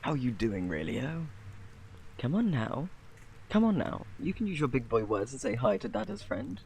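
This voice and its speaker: A man's voice: mid-range voice, big pitch swings, moderate pace, a little mellow, slight background noise. A man with a British accent voicing an eager, chatty male friend and fellow dad in a whispered role-play. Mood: coaxing.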